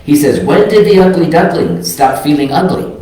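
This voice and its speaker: A man's voice: fairly high pitch, moderate pace, mellow. An older man giving a reflective, earnest sermon as a minister, reading quotes aloud. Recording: very echoey sanctuary.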